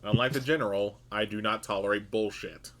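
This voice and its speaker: A man voicing a stern, angry male military major who seethes but keeps his voice low and level. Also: fairly even intonation, a little fast, a bit bright. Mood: coldly furious.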